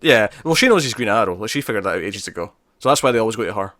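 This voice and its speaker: A man's voice: lowish voice, animated, rapid-fire, a bit bright, no echo, studio quality. A man co-hosting a podcast in casual chat, rambling with lots of "like" and laughs. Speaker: podcast co-host.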